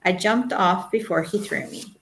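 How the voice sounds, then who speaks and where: A woman reading her own travel memoir aloud in a wry, measured storytelling manner. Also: mid-range voice, fairly bright tone. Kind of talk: audiobook memoir narration.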